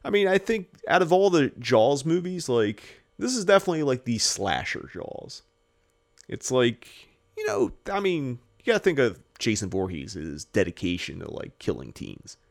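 Male podcast host, mid pitch, very lively swooping delivery, swears a lot, jokey. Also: moderate pace, creaky. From Los Angeles area. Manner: animated, profane, jokey, acts out characters. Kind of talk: casual podcast movie chat.

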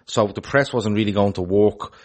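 A man co-hosting a casual football chat show, animated and opinionated, swearing freely. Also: on the low side, normal speed. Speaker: podcast co-host.

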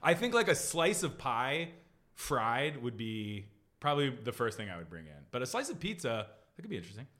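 A man hosting a podcast in casual chat, jokey and animated, swearing freely. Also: medium pitch, brisk. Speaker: podcast host.

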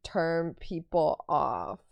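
A woman's voice: sits low, very animated, very slow, vocal fry, smooth, dry recording. Chatty, giggly woman podcast guest. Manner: chatty, giggly, self-correcting. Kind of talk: casual chat.

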